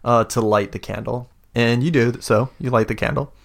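A man narrating as game master of a tabletop game, halting and full of fillers. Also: mid-range voice, fairly even intonation, vocal fry.

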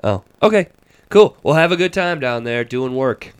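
A man's voice: mid-range voice, expressive, moderate pace, smooth. A young man hosting a casual chat, laid-back and joking, with casual swearing. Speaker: podcast host.

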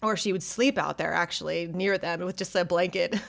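A woman with a fairly low voice tells a story in a relaxed chat. She talks animatedly and slips into quick acted-out voices for the people in it. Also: creaky. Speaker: podcast co-host telling a story. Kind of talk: casual chat.

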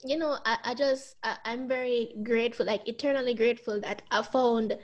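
Young woman, podcast co-host, high voice, tearful, halting, emotional, lots of restarts. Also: fairly even intonation, muffled recording. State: tearful, close to crying. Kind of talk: casual podcast chat.

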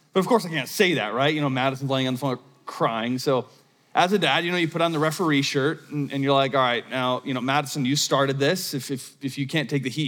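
A man's voice: a little high, fairly bright tone. A man preaching a sermon as pastor in a church, talking conversationally and often restarting his sentences. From United States. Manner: conversational, storytelling with frequent restarts. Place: church auditorium. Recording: long reverb of a church hall.

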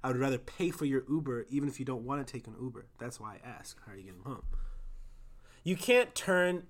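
A young man co-hosting a podcast, talking loudly and passionately with lots of emphasis in a casual couple chat. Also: mid-range voice, expressive, fast talker. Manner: loud and passionate, argues with emphasis. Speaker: podcast co-host.

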